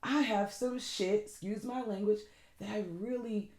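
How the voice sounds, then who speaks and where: A woman's voice: medium pitch, steady tone, a little slow, darkish tone. A woman coach giving an earnest motivational self-help talk, often checking in with "right?". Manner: earnest, keeps asking "right?". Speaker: self-love and fitness coach. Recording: echoey room.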